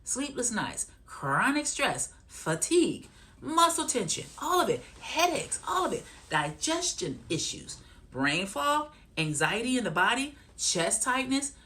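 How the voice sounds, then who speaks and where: Casting note: woman therapist, high voice with lively swings, repetitive teaching delivery that keeps checking in. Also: unhurried. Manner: animated, repeats points, keeps checking in with listeners. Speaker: trauma therapist and coach. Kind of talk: teaching talk to camera.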